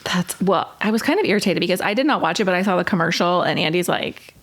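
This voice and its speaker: A woman's voice: on the low side, lively intonation, quick pace, fairly bright tone. A woman co-hosting a podcast, chatting casually and in an exasperated way, with lots of "like". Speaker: podcast co-host. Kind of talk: casual chat recapping a reality show.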